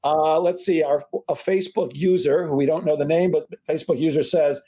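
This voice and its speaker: Man, podcast host, rapid-fire talk, husky, jokey and self-deprecating. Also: a little high, fairly even intonation, dark tone. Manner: quick, joking, self-deprecating. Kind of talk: casual interview chat.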